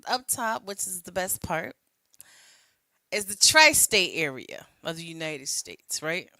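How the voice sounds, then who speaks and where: A woman with a New York area accent co-hosts a casual podcast chat. Her voice is bright and forceful, her manner upbeat and playful. The sound is dry and close. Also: fairly low pitch, very animated, a little slow, dry recording. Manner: upbeat, playful, laughs often. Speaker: co-host.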